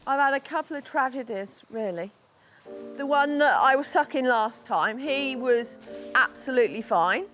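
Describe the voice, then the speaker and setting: A woman's voice: high-pitched, lively intonation, normal speed, soft background music. A middle-aged English woman farmer talking casually and with feeling about her animals. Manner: chatty, emotional, talks softly to animals. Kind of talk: casual chat on a farm.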